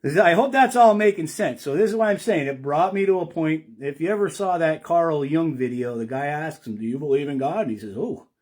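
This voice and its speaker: A man of middle pitch talks through his beliefs in a winding, unscripted monologue. He circles back on himself, peppering his lines with "you know" and "right?". His delivery swings from quiet musing to forceful emphasis. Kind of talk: rambling spiritual monologue.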